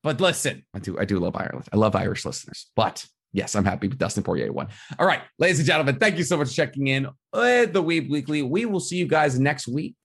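A man's voice: mid-range voice, animated, quick pace, vocal fry, few pauses, fairly bright tone, husky. A man co-hosting a podcast, joking and trash-talking about sports in casual chat. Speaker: podcast co-host.

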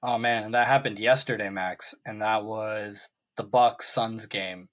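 Co-hosting a laid-back sports podcast, this young man rambles through casual chat, full of likes and restarts. He speaks unhurriedly in a lowish, fairly bright voice with fairly even intonation.

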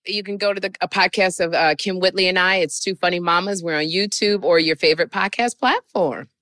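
A woman comedian as a guest in casual podcast chat, joking and animated. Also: lowish voice, fairly quick, no echo, clean studio sound.

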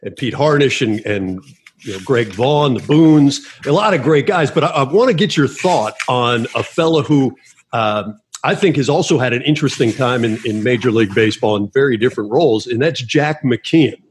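A man's voice: medium pitch, expressive, moderate pace, slight background noise. A man hosting, asking a guest questions in a casual, conversational interview. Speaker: host, interviewer.

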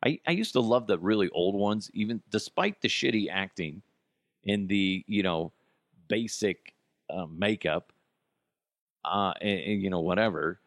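A man giving a profane comedic rant about the news, sarcastic and animated, jumping into high mocking voices. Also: unhurried, no room sound, clean studio sound. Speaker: comedic commentary host.

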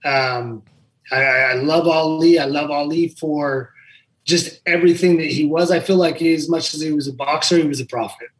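A man's voice: fairly high pitch, moderate pace, low-quality recording. Laid-back man guest rambling along. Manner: relaxed, rambling with repeated restarts. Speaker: podcast guest, former fighter. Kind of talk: casual chat.

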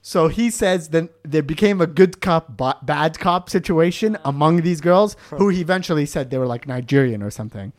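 A young man casually telling a story on a podcast, animated and full of "like", acting out the voices. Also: on the high side, normal speed, hardly any pauses. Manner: animated, acts out voices, lots of "like".

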